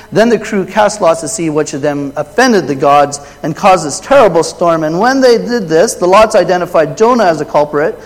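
A man preaching a sermon and retelling a Bible story. He swings between loud, raised quoted lines and quiet, low asides. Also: lively intonation, moderate pace. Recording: long hall reverb.

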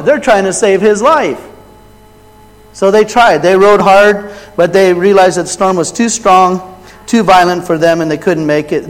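A man preaching a sermon and retelling a Bible story. He swings between loud, raised quoted lines and quiet, low asides. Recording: long hall reverb.

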